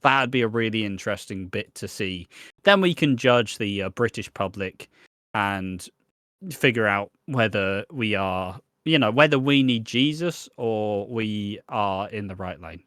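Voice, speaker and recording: A man co-hosting a casual soap opera podcast, joking and acting out characters' lines in a dry, deadpan way. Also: lowish voice, a little slow, no echo. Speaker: podcast co-host. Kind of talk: casual chat.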